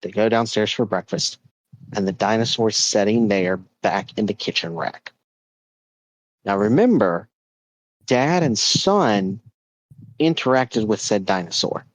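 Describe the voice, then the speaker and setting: A man's voice: fairly low pitch, expressive, measured pace, pauses often, no room sound, rough recording. A man hosting a podcast, telling a ghost story in a loose, rambling way with lots of restarts. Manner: rambling, with many repeats and fillers. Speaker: podcast host.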